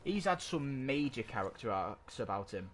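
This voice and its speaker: A man talking through his opinions on a homemade podcast, rambling and arguing his point and pausing to hunt for the right word. His voice sits at an ordinary middle pitch. A steady hiss of noise runs under the amateur desk-mic recording. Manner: rambling, argumentative, searches for words. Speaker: podcast co-host. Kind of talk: casual opinion chat. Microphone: desk microphone.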